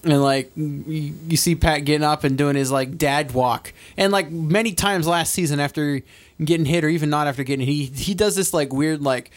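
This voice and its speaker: A young man cohosts a casual sports podcast, rambling through a story with plenty of laughter and the odd swear word. His voice sits a little high for a man. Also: normal speed. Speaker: podcast co-host.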